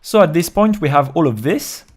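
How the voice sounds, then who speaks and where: A man explaining step by step how he produced a track in his home studio, in a calm, even way. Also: fairly high pitch, moderate pace, loud music behind the voice. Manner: calm step-by-step walkthrough, counting beats aloud. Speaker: music producer. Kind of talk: explaining a music production process.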